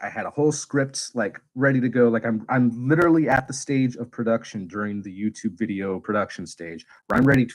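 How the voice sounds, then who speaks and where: A man hosting a casual livestream, chatting candidly and swearing freely, and now and then working himself into animated rants. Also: lowish voice, rough recording. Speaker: space YouTuber and livestream host.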